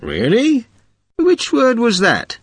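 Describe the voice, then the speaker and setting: A man's voice: very high voice, wildly swooping pitch, takes it slowly, husky, no echo, heavily acted. A man voicing a polite, helpful male shopkeeper, in a short read-aloud joke. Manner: courteous, apologetic.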